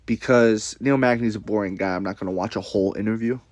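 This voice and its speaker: A man's voice: on the low side, fast, darkish tone, no room sound. A man ranting casually to camera with a blunt, profane, rambling manner, repeating himself. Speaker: commentator.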